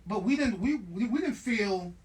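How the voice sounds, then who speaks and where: A man from the Southern US telling lively stories in a casual group interview, often laughing as he goes. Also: high voice, normal speed, distant mic. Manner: animated, laughing storyteller. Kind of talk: casual storytelling.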